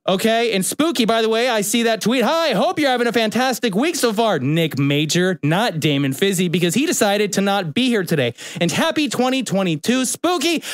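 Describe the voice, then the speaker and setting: A man's voice: on the high side, no echo. A young man hosting a live radio talk show into a studio microphone, chatting in an upbeat, rambling way. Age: young adult.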